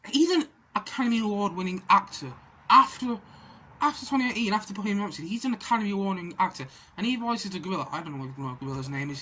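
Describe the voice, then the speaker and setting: A woman's voice: on the low side, a bit bright. A woman talks through a film review in a loose, unscripted way. She rants with exasperation, trips over her words and starts sentences over. It sounds like an off-the-cuff video review. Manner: rambling, exasperated ranting with frequent restarts. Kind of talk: casual spoken film review.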